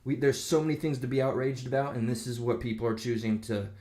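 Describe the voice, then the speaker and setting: A man's voice: medium pitch, quick pace, a little mellow. A man rants to the camera in a loose, rambling way, full of sarcastic asides. His voice sits in an ordinary middle register. Now and then he breaks off to read comments in a mocking tone. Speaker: video commentator. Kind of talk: casual reaction rant.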